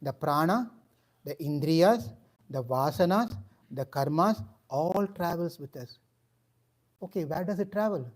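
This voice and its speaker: A man's voice: measured pace, pauses often. A man telling a story in a sermon, acting out the dialogue of its characters. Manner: acts out dialogue in a story, rising pitch when excited. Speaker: spiritual teacher.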